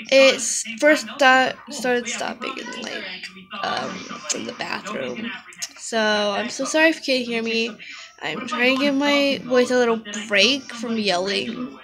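A woman vlogger talking casually to her viewers, hoarse from a sore throat, her voice cutting out as she rambles with lots of fillers. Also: a little high, measured pace, a crowd in the background, rough recording. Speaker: YouTuber. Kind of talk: casual vlog chat to viewers.

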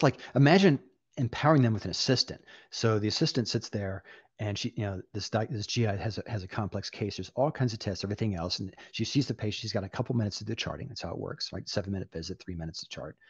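An older man talks fast and with animation as an interview guest, acting out the people in his stories. His voice is low and husky. The recording sounds dull and dry. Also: no room sound. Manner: animated storyteller, acting out dialogue. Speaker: guest, applied AI director. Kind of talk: interview conversation.

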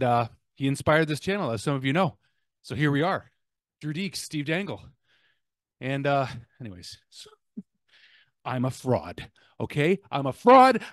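A young man giving an energetic, self-mocking casual recap of a hockey game as a vlogger. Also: medium pitch, no room sound, studio quality.

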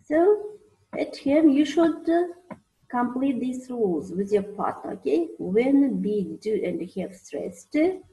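A woman's voice: high voice, big pitch swings, slow, dark tone, poor audio. A woman teaching an English lesson, hesitant, with many fillers and restarts. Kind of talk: recorded online lesson.

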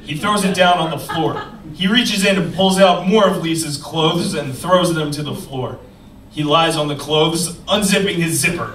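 Higher-voiced man reading stage directions. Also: moderate pace. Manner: dry, matter-of-fact reading, now and then breaking into laughter. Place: live stage in an event venue. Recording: echoey room, distant mic, loud background noise.

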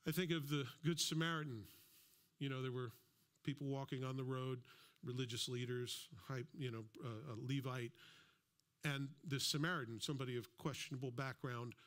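A man's voice: mid-range voice, fairly even intonation, moderate pace, a bit bright. A man preaching a sermon as a pastor, in a conversational style with asides and acted-out quotes. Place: church.

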